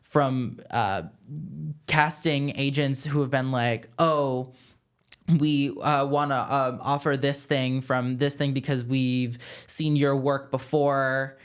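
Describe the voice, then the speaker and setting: A man's voice: mid-range voice, level tone, smooth. A young man, an actor guest on a podcast, speaking earnestly in casual interview chat. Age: young adult. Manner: earnest, agreeable, quick asides.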